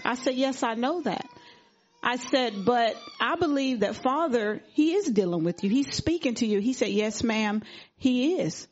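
A woman stands before her church and tells a testimony, her pitch a little higher than most women's. She brings the story to life by acting out everyone's words. The recording sounds dull and lo-fi. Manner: animated retelling, acting out quoted dialogue. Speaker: congregation member giving testimony. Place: church fellowship service.

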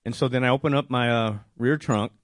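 Man, mid pitch, personal testimony, animated storytelling, voices his own quotes, dry sound. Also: fairly quick, no room sound. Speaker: testimony speaker.

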